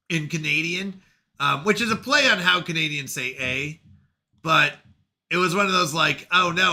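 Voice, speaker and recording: A man in his thirties with a high, very bright voice hosts a laid-back live stream. He reads chat messages out loud, reacting to each with quick, animated energy, thanking viewers and apologizing for falling behind.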